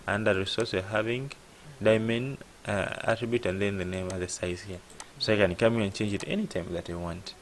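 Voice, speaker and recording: A man with a low, gravelly voice talks through a coding lesson as he works on screen. He keeps asking "what?" and then answers it himself. A faint hiss sits under the recording. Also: fairly even intonation, a little fast, hardly any pauses. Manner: thinks aloud, asks "what?" and answers himself. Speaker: programming tutor.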